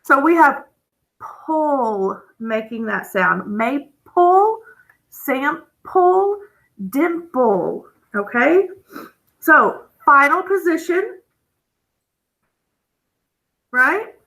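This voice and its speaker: A woman's voice: sits high, sing-song, fairly bright tone, rough recording. A woman teaching a phonics lesson, patient and explaining step by step, checking in with the class often. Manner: slow, patient, checks in with "okay?".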